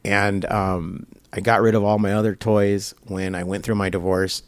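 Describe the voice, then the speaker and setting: Halting, rambling middle-aged man. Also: fairly low pitch, little pitch movement, no echo. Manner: rambling, halting, acts out quoted voices. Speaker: guest. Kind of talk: casual storytelling interview. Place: barbershop.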